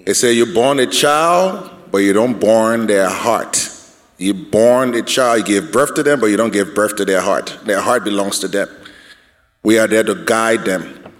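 A man's voice: fairly low pitch, measured pace, in a large hall. A man speaking as a panelist at a church discussion, earnest and repeating himself as he builds a point.

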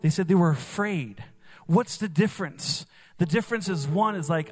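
A man's voice: sits high, moderate pace, darkish tone, long reverb tail, faint music behind. A young man from New Jersey preaching a sermon in a conversational way, with casual fillers. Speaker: pastor. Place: church.

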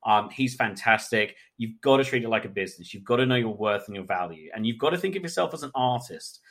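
A man, a photographer, talking candidly in a casual interview, animated and swearing freely. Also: on the low side, fast. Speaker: photographer guest.

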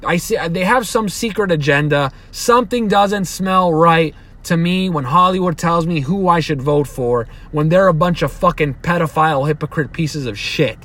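A young man delivers a solo podcast rant, his voice sitting slightly high. He swears freely, trips over restarts and circles back on his points as his temper rises. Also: moderate pace, hardly any pauses, fairly bright tone. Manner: profane, heated, rambling with restarts. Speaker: podcast host. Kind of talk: opinionated solo podcast monologue.

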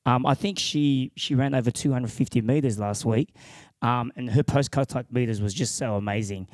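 A man's voice: medium pitch, moderate pace, darkish tone, no echo. A man co-hosting a casual sports podcast, chatting in an easygoing way full of fillers. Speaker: podcast co-host.

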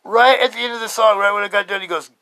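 A man in his fifties telling a story as a podcast host, casual and excitable, swearing and laughing often. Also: sits high, fast, no echo. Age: 50s.

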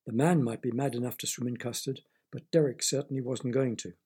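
A man's voice: medium pitch, a little fast, hardly any pauses, warm tone, husky. A man reading a children's story aloud, with playful asides to the listener.

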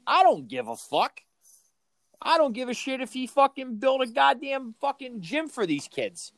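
A man's voice: extremely high pitch, sing-song, a little slow, fairly bright tone, no room sound. A middle-aged man who coaches youth sports, ranting about basketball on a podcast, swearing heavily and hammering every point. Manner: heated, swearing, emphatic ranting. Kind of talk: profane ranting sports chat.

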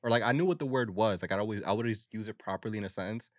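A young man co-hosting a podcast, telling stories in a laid-back, slangy way. His voice sits very low, and the sound is close and dry with no room around it. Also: rapid-fire, dry recording. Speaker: podcast host. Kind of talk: casual chat.

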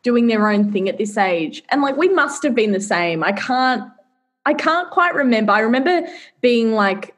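A woman's voice: fairly high pitch, animated, normal speed, a bit bright. Chatty young woman, laughing. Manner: chatty, laughs often, mimics family in quoted voices. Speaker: podcast co-host. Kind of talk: casual chat.

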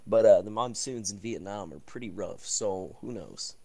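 A man's voice: on the low side, moderate pace, gravelly, dark tone. A man doing a breezy weatherman. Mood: mock-serious. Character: smooth male TV weather reporter.

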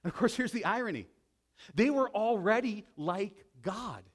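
A man preaching a sermon as a pastor, with dramatic swings between loud emphasis and hushed intensity. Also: high-pitched, lively intonation, normal speed.

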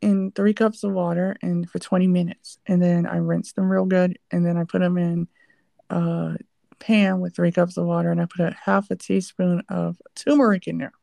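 A woman's voice: fairly low pitch, level tone, normal speed, creaky, dark tone, dry recording, studio quality. A woman hosting a casual chat, talking at length and listing things one by one. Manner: chatty, lists things at length. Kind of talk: casual chat about food.

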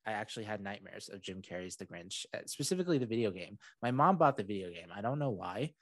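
Low-voiced man hosting, rambling. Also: big pitch swings, fast talker, fairly bright tone, no room sound. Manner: rambling, many fillers and restarts. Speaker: podcast host. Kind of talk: casual podcast chat.

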